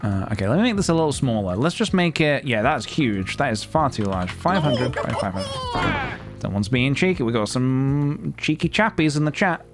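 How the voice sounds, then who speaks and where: A man in his thirties rambles cheerfully through a live stream, narrating his own work. His pitch sits in an ordinary middle register but leaps around with lively swings. Soft guitar music plays faintly in the background. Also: moderate pace. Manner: playful, rambling, talking to himself while working. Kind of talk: casual live-stream chat.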